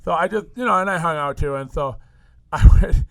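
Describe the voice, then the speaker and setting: A man co-hosting a podcast, chatting casually and telling animated stories, acting out what people said. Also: on the high side, moderate pace, vocal fry, dry recording. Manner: animated storyteller, acts out customers and himself in quoted voices. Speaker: podcast co-host, card shop owner. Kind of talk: casual chat.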